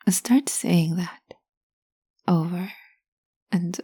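A woman in a whispered role-play, speaking in a teasing, commanding way with a breathy whisper. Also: on the low side, slow pace, long pauses, dark tone, no room sound.

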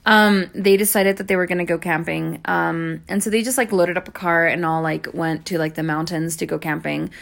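Woman, low voice with vocal fry, rambly and foul-mouthed, casual spoken chat to listeners. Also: fairly even intonation. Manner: rambling, full of likes and ums, swears often; apologetic, talks fast in bursts. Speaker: audio creator talking to listeners.

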